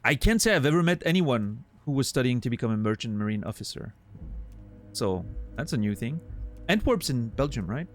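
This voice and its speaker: A man's voice: mid-range voice, big pitch swings, a little fast, soft background music. A man streaming live, chatting casually with his viewers and thanking them, on a studio condenser microphone.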